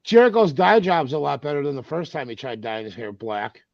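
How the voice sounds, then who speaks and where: Gravelly man on a dull lo-fi mic. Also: a little high, sing-song, fairly quick, a crowd in the background. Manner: rambling, stumbles over words. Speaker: podcast co-host. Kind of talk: casual wrestling chat.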